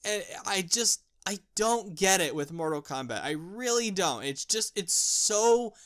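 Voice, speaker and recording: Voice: medium pitch, animated, measured pace, a bit bright. A film reviewer ranting with exasperation and profanity, repeating words and restarting lines when worked up.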